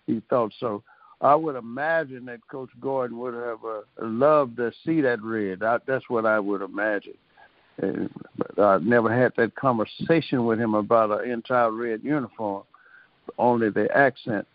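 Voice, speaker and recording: Man, interview recollection, halting, searching for words, dull lo-fi sound, dry. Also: medium pitch, no echo. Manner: groping for words, lots of uh and restarts.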